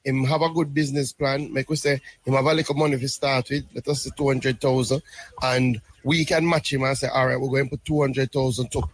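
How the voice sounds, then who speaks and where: A man's voice: mid-range voice, flat delivery, a little fast, no room sound. A man, a government minister explaining policy patiently in an interview, often checking in with "right?". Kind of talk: interview answers.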